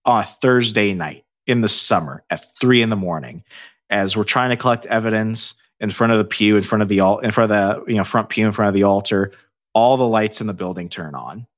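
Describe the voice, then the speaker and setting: A man's voice: lowish voice, moderate pace. A man telling a ghost-hunting story in casual podcast chat, swearing freely and acting out what everyone said. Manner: profane, animated storyteller acting out dialogue. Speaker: podcast guest, paranormal investigator.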